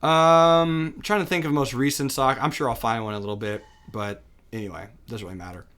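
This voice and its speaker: A young adult man teaching day trading over a screen share, chatty and casual, thinking aloud with fillers and quick self-corrections. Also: mid-range voice, fairly even intonation, fairly bright tone. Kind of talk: screen-share chart lesson.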